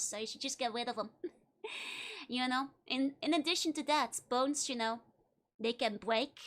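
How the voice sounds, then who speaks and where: In a casual chat with her viewers, a virtual streamer talks playfully in a Dutch accent, often breaking into giggles. Her high-pitched voice moves at a moderate pace and sounds a bit bright.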